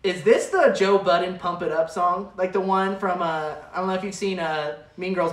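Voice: medium pitch, moderate pace, few pauses. A livestream host, chatting casually about dance videos in an upbeat, rambling way full of fillers. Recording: roomy sound from a distant mic.

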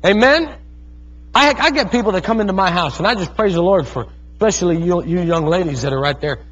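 A high-pitched male pastor in his thirties delivers a fervent sermon. He calls out to the congregation and drifts into stories about his family. The recording sounds dull and lo-fi. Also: fast, fairly bright tone.

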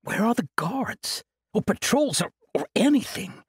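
A man voicing a cautious young man who speaks in a hushed, wary voice in an audiobook. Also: mid-range voice, big pitch swings, measured pace, slightly rough, no room sound, studio quality, voice pushed up, full character voice.

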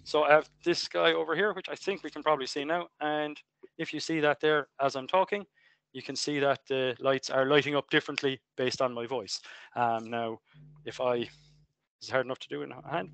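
A man's voice: mid-range voice, fairly bright tone, no room sound. A man with an Irish accent giving a recorded engineering lecture over a webcam, chatty and full of fillers and self-corrections. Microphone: webcam mic.

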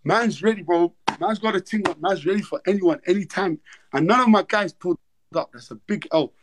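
A man hosting a livestream, retelling events in fast, slangy, repetitive chat. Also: high-pitched, noisy background. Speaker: livestream host. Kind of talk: animated storytelling on a livestream.

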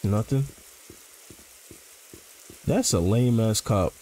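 A man's voice: lowish voice, extremely slow, dark tone, poor audio. A man casually commentating as he plays a horror game, joking in slang and reacting to what happens. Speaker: gaming channel host.

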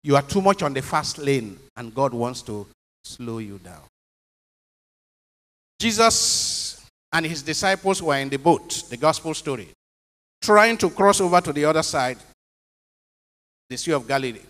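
A man's voice: fairly high pitch, animated, measured pace, pauses often, a bit bright. A man, a priest, giving an emphatic homily and putting questions to his congregation. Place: chapel. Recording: long chapel reverb.

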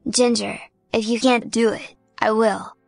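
A woman's voice: on the high side, little pitch movement, measured pace, vocal fry, a little mellow, breathy edge, dry recording, faint music behind, exaggerated voice. A confident adventurer mare speaks in a direct, matter-of-fact way, played by a woman reading. She gets straight to the point. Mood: businesslike.

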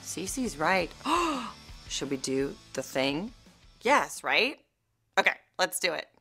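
A woman's voice: lowish voice, very animated, takes it slowly, creaky, bright, forceful tone, faint music behind. A young adult woman hosting a recap show in a bubbly, playful way, reading out fan tweets. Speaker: host.

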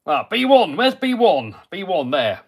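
A man's voice: high voice, big pitch swings, measured pace. A man from the UK hosting a casual livestream, talking himself through building a model truck and chatting with viewers. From United Kingdom. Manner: chatty, talks himself through each step and answers viewers. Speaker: RC hobby livestream host. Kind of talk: casual live-stream chat while building a model.

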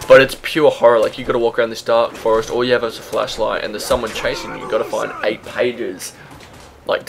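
A man's voice: on the low side, vocal fry, fairly bright tone, a little hiss or hum. A young man giving casual, chatty gameplay commentary as a YouTuber, swearing freely and laughing at himself. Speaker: gaming YouTuber.

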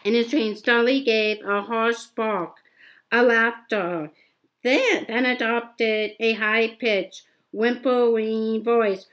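Woman, amateur read-aloud of a novel; hesitant, repeats words, unhurried, a touch high. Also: fairly even intonation, fairly bright tone, rough recording. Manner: halting, frequent stumbles and repeated words. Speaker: amateur reader.

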